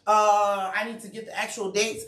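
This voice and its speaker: A woman chef chatting casually with friends and customers, laughing and using relaxed slang. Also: medium pitch, moderate pace. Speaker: chef and restaurant owner. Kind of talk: casual promo chat. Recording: echoey room, mic far off.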